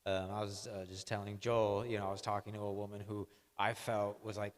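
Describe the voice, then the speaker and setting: A man's voice: fairly low pitch, little pitch movement, fairly quick, few pauses, in a large hall. A man co-hosting a podcast, talking in a reflective, wordy, self-mocking way. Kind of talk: casual podcast chat.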